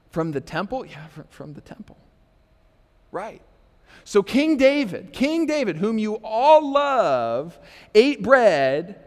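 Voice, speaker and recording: Young male pastor, high voice, relaxed and joking, lots of ums, church hall reverb. Casual sermon. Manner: conversational, joking asides, frequent fillers.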